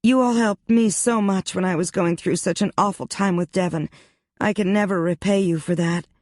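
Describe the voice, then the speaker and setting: A narrator voicing Ashley, a worried, sympathetic young woman friend who speaks high and gushing. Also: normal speed, darkish tone, no echo, clean studio sound, natural voice.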